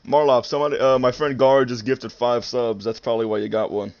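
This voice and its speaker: A nineteen-year-old man hosting a live stream, talking easily with halting fillers. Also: medium pitch, little pitch movement, darkish tone, muffled recording. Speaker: streamer host. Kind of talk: casual live-stream chat.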